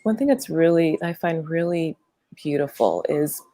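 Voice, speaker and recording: A woman interview guest who teaches workshops, talking gently in a meandering way with lots of fillers and restarts. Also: low voice, moderate pace, no echo. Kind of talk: conversational interview.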